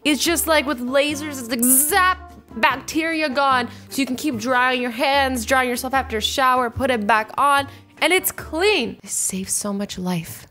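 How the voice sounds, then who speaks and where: A bubbly young woman in her twenties chatting through a casual reaction vlog from home, acting out little scenes as she goes. Her voice sits fairly high, and soft music plays faintly behind her. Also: a little slow. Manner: bubbly and animated, acts out little quoted scenarios. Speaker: YouTuber reacting to invention ideas.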